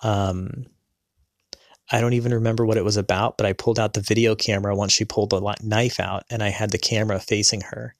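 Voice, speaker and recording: A man's voice: lowish voice, level tone, a little fast, dry recording, studio quality. A man in his thirties telling a personal story to his audience, rambling, with many fillers and restarts. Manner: rambling, full of fillers and self-corrections.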